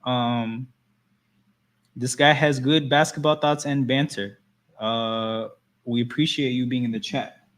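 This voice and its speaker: A man's voice: medium pitch, steady tone, slow, long pauses, a bit bright. Casual male livestream host, loose and chatty, mid-range voice. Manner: loose, chatty, reads and answers chat.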